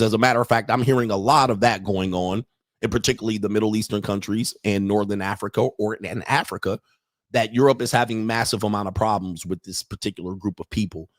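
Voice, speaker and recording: A man hosting his own livestream, ranting in a casual, profane and mocking way and filling pauses with "all right" again and again. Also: lowish voice, fairly even intonation, no echo. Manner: keeps saying "all right". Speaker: livestream host.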